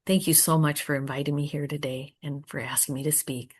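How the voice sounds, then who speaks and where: A woman speaking at a recovery meeting, earnest and prayerful, often trailing off softly and pausing to search for words. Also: deep voice, fairly even intonation, husky. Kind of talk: personal share and Q&A answer.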